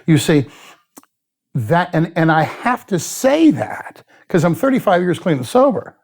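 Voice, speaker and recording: A man's voice: fairly high pitch, big pitch swings, a little slow, creaky. A man, a guest in an interview who tells his story candidly, bluntly and with a lot of swearing, and sometimes laughs at himself. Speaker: addiction expert guest.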